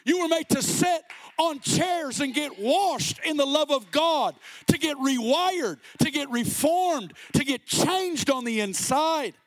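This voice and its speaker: A middle-aged man preaching a sermon with passion, sometimes rising to a shout. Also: very high-pitched, animated, slow pace, few pauses, no room sound. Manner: impassioned, rising to shouts at peaks.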